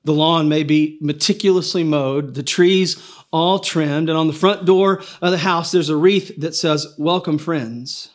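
A man's voice: on the high side, fairly even intonation, a little slow. Earnest male pastor preaching. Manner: earnest, repeats words at starts. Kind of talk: sermon.

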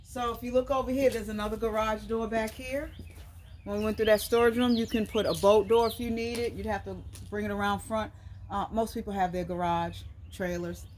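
A woman's voice: mid-range voice, steady tone, fairly quick, darkish tone. A woman giving a casual, chatty tour of a house. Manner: chatty, Southern colloquial phrasing. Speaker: real estate agent giving a house tour. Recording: noisy background.

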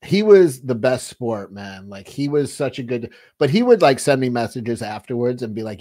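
Guy hosting a live stream, just chatting, swears a lot, keeps restarting his sentences, ordinary middle-pitched voice. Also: animated, moderate pace, a little mellow. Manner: rambling, profane, frequent restarts. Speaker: livestream host. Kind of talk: casual livestream chat.

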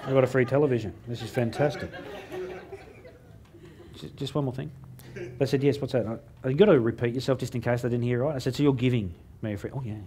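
A man's voice: medium pitch, fast talker, long pauses, mellow. A middle-aged Australian man giving a humorous talk on stage, telling a story and acting out the dialogue in a self-mocking way. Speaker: motivational speaker.

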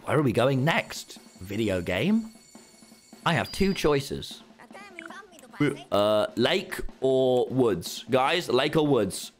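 A man's voice: medium pitch, big pitch swings, slow pace, soft background music. A young British man streaming a video game, joking and rambling to his chat. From Britain. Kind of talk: casual gaming livestream.

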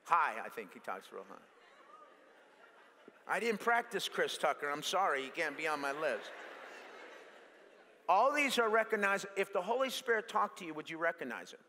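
A male pastor preaching an animated sermon that mixes in jokes. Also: high voice, moderate pace, slight background noise. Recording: long hall reverb.

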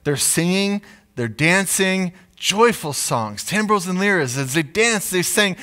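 A man, a pastor, preaching a sermon in an animated storytelling way, acting out asides. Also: high-pitched, measured pace.

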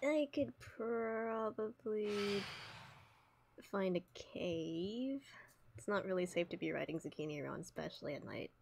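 A woman's voice: mid-range voice, expressive, unhurried, gravelly, a little mellow, a little hiss or hum. A woman roleplaying her character on a game stream, flustered and self-mocking, often dropping into whispered asides.

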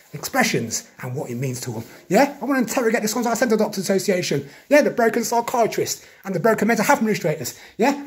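Man ranting with a lively pitch. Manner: agitated ranting, ends nearly every phrase with a questioning "yeah?"; accusatory, lists names and grievances in rapid repetition. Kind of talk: monologue vlog.

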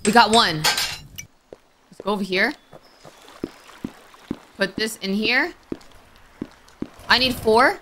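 A woman's voice: mid-range voice, very slow, long pauses, background noise. A woman giving let's-play commentary, jumpy and flustered. She keeps crying out in alarm and pleads with the game under pressure. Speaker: gaming YouTuber. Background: game music.

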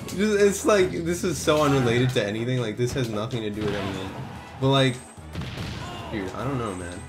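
A young man streams a fighting game, his middle-pitched voice breaking into excitable, slangy outbursts and casual swearing. He rambles loosely between reactions. Game music plays clearly underneath. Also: moderate pace. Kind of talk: casual live-stream gameplay chatter.

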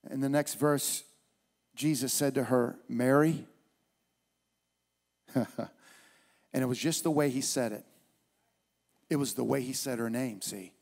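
A man's voice: medium pitch, steady tone, unhurried, vocal fry, pauses often, darkish tone. A male pastor preaching a sermon at a church service in an emphatic, repetitive way.

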